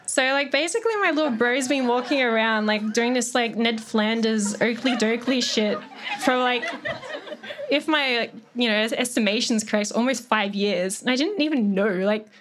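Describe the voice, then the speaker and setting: With a crowd audible behind her, a young woman on stage tells a rambling, sweary comic story, full of "like" and her own laughter, in casual stand-up fashion. Her voice runs on the high side at a normal speed, and the live audience laughs along.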